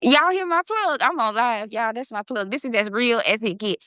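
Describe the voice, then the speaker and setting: A woman's voice: a little high, moderate pace, bright, forceful tone, dry recording. A woman of about thirty hosting a casual livestream, talking in an emphatic, impassioned way and swearing freely. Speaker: livestream host.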